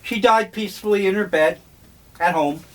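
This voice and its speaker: An older man vlogging, telling memories in a slow, wry, meandering way. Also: sits high, a bit bright. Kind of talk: casual reminiscing monologue.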